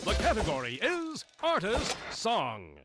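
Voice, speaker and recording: A man's voice: high-pitched, a little slow, faint music behind, heavily acted. A man voicing a game show announcer in an old console game, reading scripted lines with little enthusiasm. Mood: flat. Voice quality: flat, unenthusiastic delivery.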